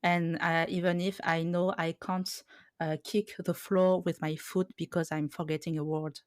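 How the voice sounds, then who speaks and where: A woman talks casually on a podcast in a fairly low voice, often stopping to hunt for a word and correct herself. The sound is dry and close, with no room around it. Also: flat delivery, unhurried, no echo. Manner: hesitant, searching for words, frequent self-corrections.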